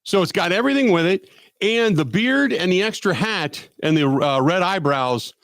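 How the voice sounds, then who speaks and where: Male radio host, a rambling self-mocking storyteller, bouncy and expressive voice, close dry mic. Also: high voice, normal speed, no echo. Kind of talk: casual radio banter. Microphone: studio microphone.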